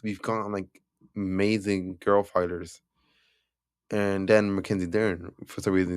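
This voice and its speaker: A man's voice: on the low side, clear, resonant tone, no echo, studio quality. A young man casually recapping fight night results, rambling with lots of fillers, restarts and self-corrections. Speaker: MMA recap video creator.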